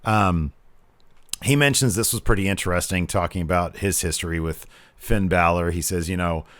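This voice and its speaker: A man's voice: low voice, moderate pace, fairly bright tone, no echo. A man co-hosting a wrestling podcast, chatting casually, laughing easily and drifting into asides. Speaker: podcast co-host. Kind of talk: casual wrestling review chat.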